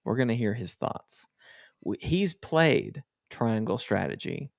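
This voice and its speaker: A man's voice: medium pitch, lively intonation, slow pace, creaky, no echo, clean studio sound. A man co-hosting a podcast in casual chat, hyped up and laughing often. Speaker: podcast co-host.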